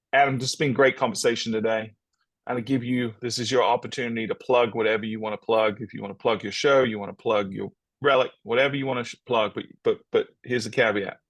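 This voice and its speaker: A man's voice: medium pitch, no room sound. A man co-hosting a podcast, talking casually and upbeat, often repeating words as he restarts. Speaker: podcast co-host.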